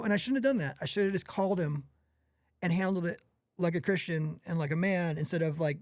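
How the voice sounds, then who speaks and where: A man's voice: sits high, quick pace, dry recording, studio quality. A man in his forties, a podcast guest who runs a gear company, talking candidly in an earnest, apologetic way with many restarts.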